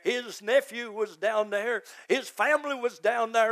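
A man, a pastor, preaching a fervent sermon that rises to shouts. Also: very high-pitched, measured pace.

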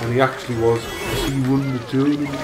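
A man's voice: mid-range voice, flat delivery, fast talker. Swearing, teasing man gaming. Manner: swears constantly, teasing, laughs a lot. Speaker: gamer. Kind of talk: crude joking gameplay banter. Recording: echoey room with game music.

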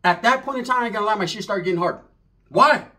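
A man telling a comic story in an animated, profane way, full of street slang and Spanish words. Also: high voice, fast. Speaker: comedian storyteller.

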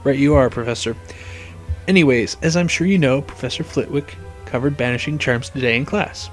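A man's voice: mid-range voice, fairly quick, soft background music, natural voice. A man reading aloud, voicing a cheeky teenage boy wizard who croons and cheers boisterously.

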